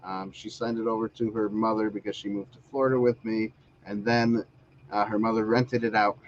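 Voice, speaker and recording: A man's voice: on the low side, fairly even intonation, brisk, a little hiss or hum. A man hosting a casual online talk show, telling a long, rambling story and laughing often. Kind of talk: casual chat. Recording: dull lo-fi stream audio.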